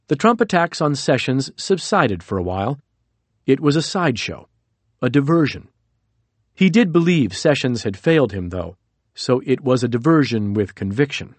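A man giving a measured, scripted audiobook narration into a close studio mic. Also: medium pitch, sing-song, no echo.

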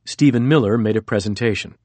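A man giving a measured, scripted audiobook narration into a close studio mic. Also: lowish voice, darkish tone, dry recording.

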